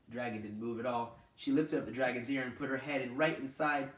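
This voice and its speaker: A man reading a children's picture book aloud in an expressive read-aloud manner, with asides to his listeners. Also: mid-range voice, fast, few pauses. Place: room at a children's center. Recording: roomy echo from a distant mic.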